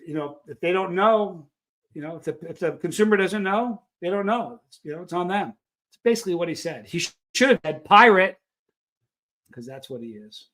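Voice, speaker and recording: A high-pitched man talks to his live-stream viewers in a loose, unscripted rant. He is emphatic and opinionated, pressing each point hard and asking the audience questions. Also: a bit bright.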